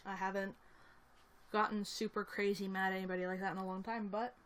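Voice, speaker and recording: A woman's voice: medium pitch, level tone, brisk, a bit bright, slight background noise. A young woman chatting casually on a livestream, telling a story with lots of fillers and little laughs. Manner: snacking and reading chat aloud. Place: indoors at her computer. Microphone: camera on a selfie stick.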